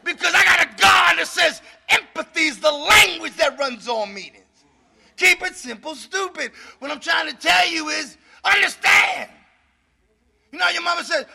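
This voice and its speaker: Sharing his story at a meeting for addicts, a man speaks in a very high-pitched, creaky voice at normal speed. His testimony takes a preachy turn, with frequent shouting for emphasis and laughter between his points.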